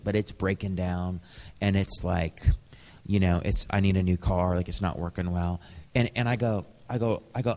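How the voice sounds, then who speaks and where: Lower-voiced preacher in a reverberant hall. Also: male voice. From Canada. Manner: storytelling, lively, animated quotes. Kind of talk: sermon.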